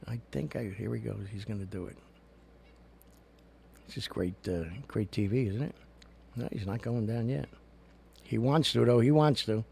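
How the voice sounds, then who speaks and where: A man's voice: lowish voice, animated, moderate pace, creaky, long pauses, dark tone, breathy edge. A man hosting a casual talk show, chatting in a loose, jokey way with an American accent and lots of fillers. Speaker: show host.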